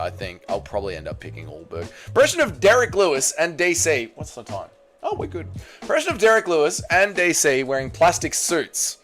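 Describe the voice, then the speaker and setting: Blunt jokey streamer. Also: male voice, medium pitch. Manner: blunt, jokey, bouncy delivery. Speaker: livestream host. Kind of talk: casual livestream chat, reading chat messages.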